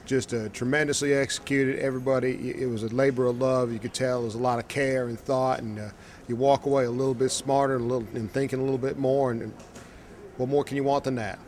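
A man giving a thoughtful audience testimonial, pausing to search for words. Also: mid-range voice, steady tone, a little mellow, slight background noise. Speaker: audience member.

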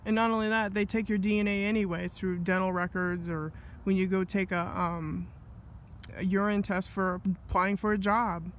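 A man's voice: high-pitched, little pitch movement, moderate pace, fairly bright tone, a little hiss or hum. A man talking alone in an angry, rambling monologue, full of asides and restarts. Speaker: vlogger.

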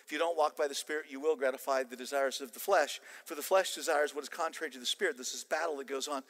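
An older man with an American accent preaching a sermon, animated and emphatic with casual asides. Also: medium pitch, fast talker. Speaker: pastor. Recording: long church-hall reverb.

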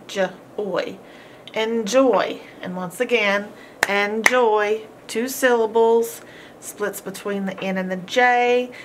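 A woman's voice: mid-range voice, a little hiss or hum. A woman teaching a homeschool phonics lesson, patiently sounding out each letter and syllable.

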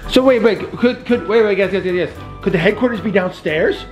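A man hosting a family toy vlog, talking playfully and excitedly with his kids. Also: high voice, a little fast, muffled recording. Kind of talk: casual family vlog chat. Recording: music bed under voice.

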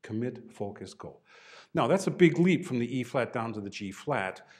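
A man's voice: mid-range voice, animated, fairly quick, darkish tone. A man teaching a trombone masterclass, coaching a student with short, encouraging cues and dry humor.

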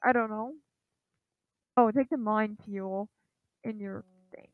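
A woman giving casual commentary while she plays a video game. She sounds unsure and apologetic, uses many fillers, and urges the game on with quick repeated shouts. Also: medium pitch, no echo. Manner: hesitant and apologetic, lots of fillers. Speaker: gaming channel host. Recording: tinny lo-fi, phone-like sound.

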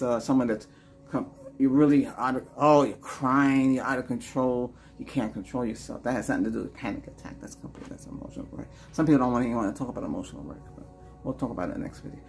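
A man leads a Reiki healing session, repeating soft, slow lines and then drifting into loose, rambling talk. His voice sits at an ordinary middle pitch, with faint music playing underneath. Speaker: Reiki healer and channel host.

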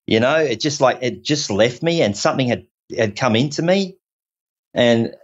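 A man from Australia, a podcast guest telling a personal story in an earnest, rambling way, repeating himself and restarting often. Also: medium pitch. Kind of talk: personal story told in conversation. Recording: dull lo-fi audio.

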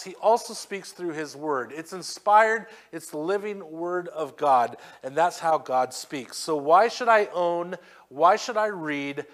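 Emphatic preaching pastor, man. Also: fairly high pitch. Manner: emphatic preaching, rising loud on scripture readings; acts out quoted voices in asides. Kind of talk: sermon.

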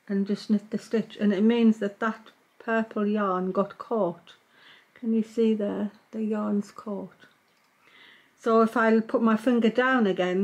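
Calm woman teaching knitting step by step. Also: medium pitch, highs cut off. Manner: calm, patient, talks while working. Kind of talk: step-by-step craft tutorial.

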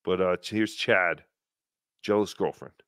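A man hosting a podcast, talking casually with an animated, sarcastic delivery. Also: deep voice, a little slow, no echo, studio quality. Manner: animated, sarcastic, mocks with impressions. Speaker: podcast host. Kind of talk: mocking casual chat.

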